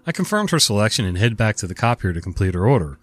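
A man with a low, stuffy, nasal voice reads a story aloud in a wry, conversational way. His pitch rises and falls a lot, and soft guitar plays faintly under him. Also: big pitch swings, fast, no echo. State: stuffy nose from a cold. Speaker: host.

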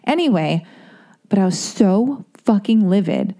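A woman's voice: medium pitch, lively intonation, unhurried, dark tone. A young woman hosting a podcast, telling a long rambling story in a casual, profane, self-mocking way. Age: young adult. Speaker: podcast host.

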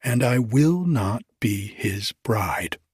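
A man's voice: fairly low pitch, expressive, slow, husky, no echo, clean studio sound, heavily acted. A man whispering as a defiant giant maiden. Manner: defiant, hushed. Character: obstinate young giantess maiden.

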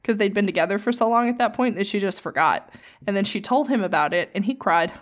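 Woman podcast co-host, mid-pitched voice, loose chatty storyteller who swears freely. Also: quick pace. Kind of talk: casual podcast chat.

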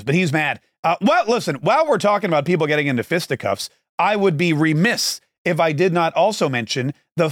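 A man with a high, light voice riffs sarcastically on politics as a podcast host. He rambles and mocks, catching himself mid-thought, recorded close and dry. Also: fairly bright tone, no room sound. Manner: mocking, rambling, self-correcting.

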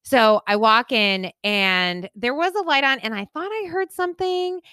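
A woman's voice: fairly high pitch, normal speed, smooth, no room sound, clean studio sound. A woman co-hosting a podcast, telling a story in casual chat, often laughing and acting out what people said. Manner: animated, laughs through her story; acts out quoted voices loudly. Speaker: podcast co-host.

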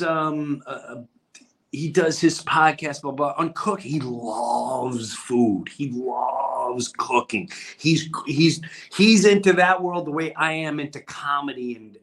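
Middle-aged new york guy hosting his podcast, rambling, lively, trips over his words. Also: a little high. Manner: rambling, animated storytelling with restarts. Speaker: podcast host. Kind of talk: casual chat.

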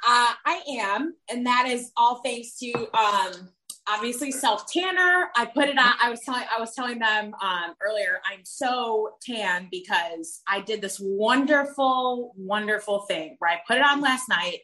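Bright, chatty woman telling anecdotes. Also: fairly high pitch, animated, unhurried. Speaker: podcast co-host. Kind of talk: casual chat.

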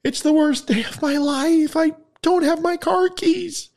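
A man voicing a distraught young woman locked out of her car, in a high whiny falsetto. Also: fairly even intonation, unhurried, vocal fry, a little mellow, heavily acted.

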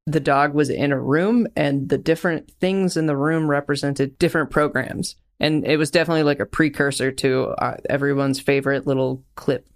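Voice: mid-range voice, fairly even intonation, a little fast, hardly any pauses. A young adult co-hosting a podcast, talking in a casual chat that runs into enthusiastic, rambling tangents. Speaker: podcast co-host.

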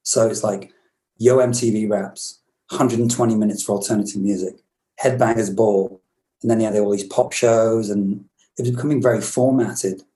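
A man's voice: fairly low pitch, fairly even intonation, moderate pace, warm tone, low-quality recording. A man from Britain in his fifties, a musician guest telling long reflective stories in an interview, rambling with many restarts. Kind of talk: storytelling interview.

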